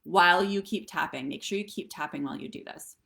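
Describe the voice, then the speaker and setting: On a live stream, a middle-aged wellness coach guides viewers in breathwork and tapping, talking a little fast in a low, creaky, fairly bright voice. She's chatty and keeps checking in with "okay?" and "right?"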